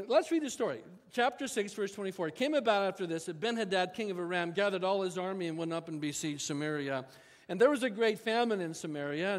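Guy pastor preaching, kinda high voice, chatty folksy asides, big reverby church hall. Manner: conversational, folksy asides to the congregation. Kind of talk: sermon. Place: church sanctuary.

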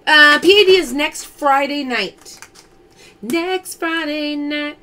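A woman's voice: high-pitched, slow pace, sharp tone. A woman hosting a live-streamed pearl sale, chatting casually, greeting viewers by name and reading out their comments. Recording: clear background noise.

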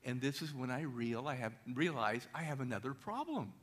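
A middle-aged man, a motivational speaker, telling an energetic story to a church audience and asking them questions. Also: medium pitch, normal speed, breathy edge.

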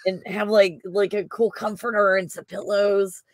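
A woman interviewer chatting casually, bubbly and quick to giggle. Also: mid-range voice, steady tone, dry recording.

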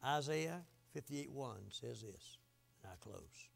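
An older man preaching a fiery revival sermon, swinging from shouts down to quiet, low asides. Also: animated, slow pace, creaky, a little hiss or hum.

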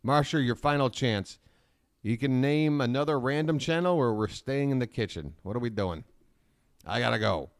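A man hosting a live stream from home, talking straight to his chat in a rambling, hurried way. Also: medium pitch, animated, dry recording, clean studio sound.

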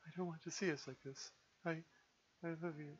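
A man's voice: fairly high pitch, expressive, soft background music, voice pushed up, natural voice. A man voicing a shy, anxious young woman who stammers and holds back, read from a game. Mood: quiet. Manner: halting, stammering. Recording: dull lo-fi recording.

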